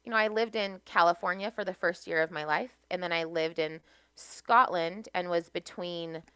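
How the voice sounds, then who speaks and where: An American woman telling stories about her childhood as a podcast guest, animated and laughing often. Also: lowish voice, normal speed, smooth, dry recording. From United States. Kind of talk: casual storytelling.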